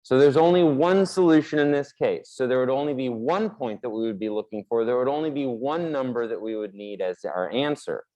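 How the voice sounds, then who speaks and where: A man's voice: mid-range voice, brisk, hardly any pauses, warm tone, dull audio. Male math teacher, casual board lecture, plain mid-range voice. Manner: casual, explanatory, with fillers; talks while drawing on a board.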